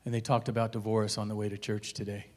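A middle-aged man telling a personal story, acting out the dialogue and swinging from hushed asides to shouted lines. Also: fairly low pitch, little pitch movement, quick pace. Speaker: guest telling his story. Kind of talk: animated storytelling.

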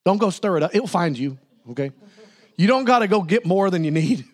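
A man with a notably high-pitched voice preaches a lively sermon to his congregation. He jumps between bright, excited bursts and low, earnest stretches, and laughs often as he talks. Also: fairly quick. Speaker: pastor.

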